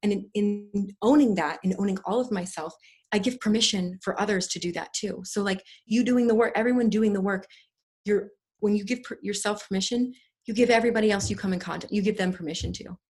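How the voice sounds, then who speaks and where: A woman's voice: medium pitch, brisk, darkish tone. A woman guest on a podcast, talking in a casual, effusive and earnest way, rambling with restarts. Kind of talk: casual conversational interview.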